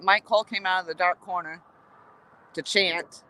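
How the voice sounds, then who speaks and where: A woman from New England chats through a casual fishing vlog in a bright, crisp voice. She talks playfully and laughs easily, speaking outdoors by a river. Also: on the low side, steady tone, moderate pace. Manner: playful, chatty, laughs often. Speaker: vlogger.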